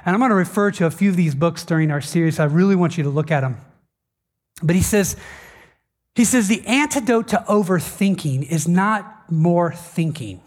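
A man's voice: sits high, animated, moderate pace. Conversational man preaching a sermon. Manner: conversational, acts out quoted voices, frequent "right?". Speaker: pastor.

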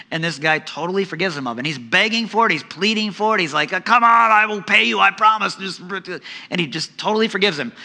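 A man preaching with a bright, forceful voice pitched a little high. He is dramatic, sinking into quiet low tones to stress a point and slipping into the voices of the people in his story. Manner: dramatic, drops to soft low tones for emphasis and acts out voices. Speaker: pastor. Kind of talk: sermon.

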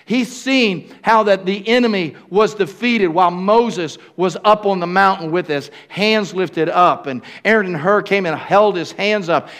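A man's voice: high-pitched, a bit bright, clear, resonant tone. A man preaching a sermon as the pastor of a church, speaking emphatically and calling out to his congregation.

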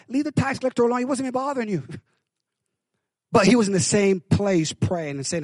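High-voiced preaching man, dry sound. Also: lively intonation, fast talker, dry recording. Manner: preaching with call-outs and quoted voices; swings from hushed to loud. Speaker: pastor. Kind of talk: sermon.

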